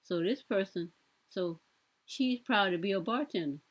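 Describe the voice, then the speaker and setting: A woman's voice: medium pitch, a little slow. A young woman giving casual reaction commentary, blunt and sassy, talking back at the clips she plays. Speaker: commentary vlogger.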